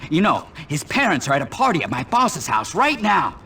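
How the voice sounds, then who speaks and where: An actor playing a chatty shopkeeper in a video game, passing on gossip. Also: male voice, on the high side, huge pitch swings, moderate pace, vocal fry, far from the mic, exaggerated voice. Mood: conspiratorial.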